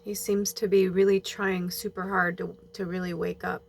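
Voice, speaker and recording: A woman's voice: fairly low pitch, little pitch movement, moderate pace, gravelly, a little hiss or hum. A woman talking in a personal monologue, emotional and holding back tears, swearing as she goes. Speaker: spiritual medium.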